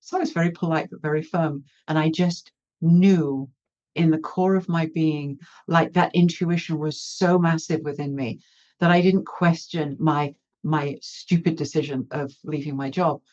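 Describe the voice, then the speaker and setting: A woman's voice: deep voice, steady tone, moderate pace, a little mellow, dull audio. A woman guest in an interview, telling her own story candidly with self-mocking humour. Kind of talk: storytelling in conversation.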